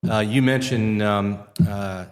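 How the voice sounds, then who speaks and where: A man's voice: lowish voice, steady tone, slow. A middle-aged man from the Midwest, a marina owner talking in a casual interview with many fillers and restarts. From Wisconsin, US Midwest. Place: live show at a fishing center. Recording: long reverb of a large live venue.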